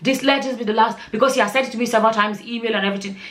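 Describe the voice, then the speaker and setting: A woman's voice: fairly high pitch, steady tone, racing, fairly bright tone. A middle-aged woman from Nigeria telling a personal story in an emotional, rambling way, with many restarts and fillers. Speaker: vlogger. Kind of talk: storytelling vlog.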